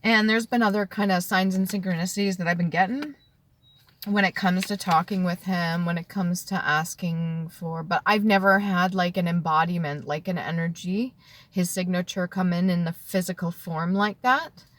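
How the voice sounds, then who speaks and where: A woman in her thirties telling an emotional personal story to the camera, tearful and heartfelt, dropping at times to a soft whisper. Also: fairly low pitch, moderate pace. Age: 30s. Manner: tearful and heartfelt, drifting between soft whispers and earnest talk. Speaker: vlogger.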